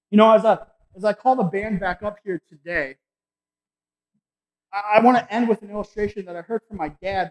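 A man preaching a sermon as a pastor, conversational and animated, often checking in with tag questions. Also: sits high. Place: church sanctuary. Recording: echoey church with faint music.

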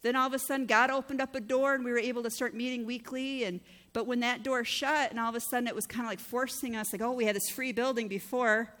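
A woman's voice: fairly high pitch, fairly even intonation, fast, fairly bright tone. A middle-aged woman pastor, preaching a conversational, story-driven sermon and acting out the dialogue she quotes. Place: church hall. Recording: church hall reverb.

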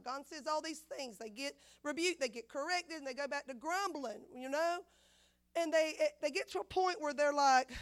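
A woman preaching a sermon, repeating phrases and acting out the voices in her story, swinging from loud to hushed. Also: sits high. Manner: dramatic swings of loudness, acts out quotes, repeats phrases.

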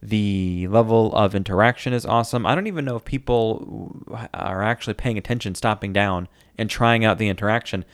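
A man co-hosting a podcast in casual chat, relaxed and rambling with fillers and restarts. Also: on the low side, fairly quick, few pauses, no echo, clean studio sound. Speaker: podcast co-host.

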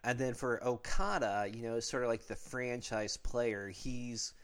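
A man's voice: medium pitch, steady tone, a little slow, clear, resonant tone. A man co-hosting a podcast, in casual chat, explaining things at length in an analytical way. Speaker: podcast co-host.

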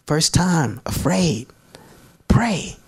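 A man preaching a sermon as pastor, telling animated, jokey stories to his church. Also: fairly high pitch, extremely slow, slightly rough.

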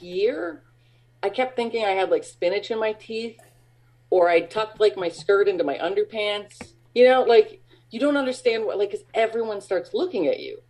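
A chatty woman in her forties tells long, loose stories as an interview guest. Her talk is full of fillers and restarts. She laughs at her own tales and leaps up high when she mimics excited fans. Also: breathy edge. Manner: bright high tones when acting out fans. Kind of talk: casual interview chat.

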